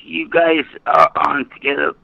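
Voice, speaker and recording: A man's voice: fairly high pitch, flat delivery, unhurried, gravelly, a crowd in the background. A man in his fifties, a caller rambling on a phone line in casual chat. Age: 50s. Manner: rambling, forgetful, chatty.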